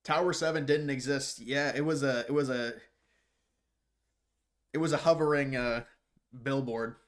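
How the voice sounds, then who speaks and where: On a live stream, a man answers viewer questions in casual conversation, speaking a little slowly with medium pitch and fairly even intonation. He rambles, repeats words as he starts sentences, and mixes in scornful, mocking asides.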